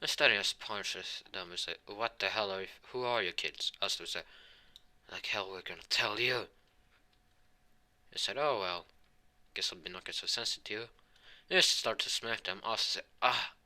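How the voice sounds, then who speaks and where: Man, improvised storyteller; halting, rambling delivery, very bright, tense tone. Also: on the low side. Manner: voices the characters' lines in his own voice. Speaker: fan fiction storyteller. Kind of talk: improvised fan fiction storytelling.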